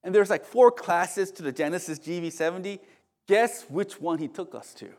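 A male pastor preaching a sermon in an animated, conversational storytelling manner with humorous asides. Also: sits high, normal speed.

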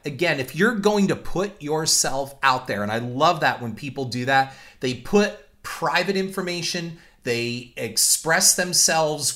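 A male host with a bright, crisp tone tells a story in lively commentary. He often doubles up on words as he pushes ahead. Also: a little high. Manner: animated, repeats words while talking. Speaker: podcast host.

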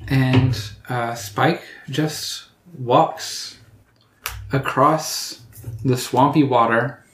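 A man in a mid-range voice narrates as game master for a tabletop game, sounding relaxed and halting with many fillers. The room he's recorded in is echoey.

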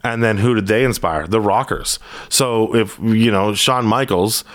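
A man's voice: on the low side, unhurried, a bit bright. A man co-hosting a podcast, bantering casually, joking and riffing on bits with his co-host. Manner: joking banter, sings snippets and riffs on bits. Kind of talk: casual chat.

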